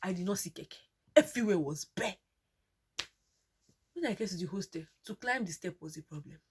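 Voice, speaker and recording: A woman's voice: medium pitch, lively intonation, fairly quick, noisy background. A young woman with a Nigerian accent telling a personal story in a casual, dramatic way, often repeating herself for emphasis. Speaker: vlogger.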